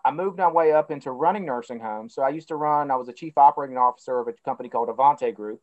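An energetic, enthusiastic man from North Carolina with a Southern twang, talking as an interview guest on a video call. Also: on the high side. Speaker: guest, cannabis company CEO. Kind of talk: casual interview talk. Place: outdoors by a plant facility, on a video call. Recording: dull lo-fi video call audio.

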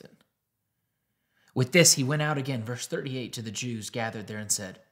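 A male pastor preaches in an earnest, husky voice that often sinks to a hushed near-whisper. His pitch sits in the middle range for a man. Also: normal speed. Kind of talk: sermon retelling a Bible story.

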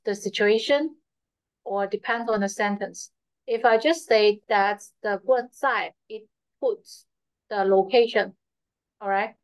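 A woman's voice: mid-range voice, no echo. A woman teaching Chinese in a patient online lesson from a school, repeating phrases with frequent fillers. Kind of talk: slow, repetitive online language lesson. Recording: slightly dull, dry lo-fi sound.

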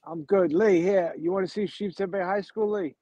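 A man's voice: sits high, steady tone, moderate pace, dark tone, no echo, muffled recording. A man on a video call showing his neighborhood, rambling and swearing in a streetwise way. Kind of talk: casual chat.

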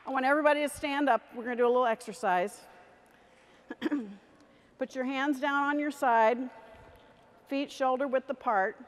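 A middle-aged woman gives a motivational keynote in a large conference hall, her fairly high voice trailing a long reverb. She speaks straight to the crowd with lively energy and leads them through short exercises. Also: normal speed, long pauses.

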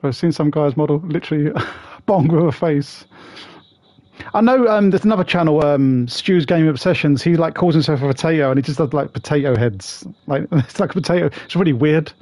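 A man's voice: a little high, fairly quick, darkish tone, no room sound. A British man streaming a game, chatting casually with viewers, laughing often and joking about himself.

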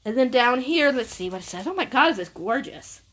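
Young woman, unboxing vlogger, gushing and excitable, high bright voice. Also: brisk. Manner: gushing, excitable, repeats "oh my gosh". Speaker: book box unboxing vlogger. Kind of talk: casual unboxing chat.

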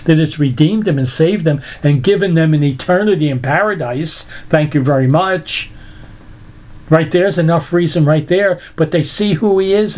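A man's voice: fairly high pitch, a little mellow. An older man preaching a sermon, telling stories with laughs and emphatic repeats. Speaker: pastor.

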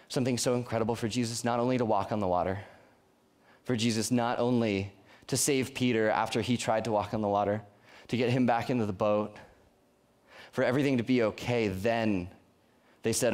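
A man's voice: fairly low pitch, fairly even intonation, brisk, a little mellow. A young man from Colorado preaching to a youth group in an earnest, conversational way, often restarting his sentences. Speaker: youth pastor. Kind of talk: sermon. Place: church youth service.

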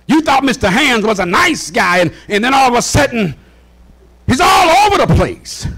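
A man preaching a fervent sermon in a church, often shouting and repeating "watch this" to rally the congregation. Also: very high voice, sing-song, normal speed, husky. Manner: shouting, repeats "watch this", folksy call-and-response. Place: church sanctuary.

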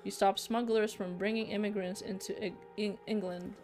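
A woman's voice: mid-range voice, steady tone, normal speed, over music, lightly acted. A wary fisherman in a narrative game answers questions briefly and carefully, as a woman reads his lines in her own voice. He gives little away. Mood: guarded.

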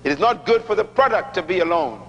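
Middle-aged male preacher, very high voice, emphatic and joking sermon, dull lo-fi sound with long reverb. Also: animated, a bit bright, slight background noise. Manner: emphatic, repeats key lines slowly for effect; humorous, teasing the audience. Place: large church hall.

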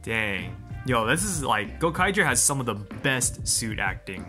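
A man hosting an unboxing vlog, excitable and gushing, full of exclamations. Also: medium pitch, a little slow, hardly any pauses, over music. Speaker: channel host.

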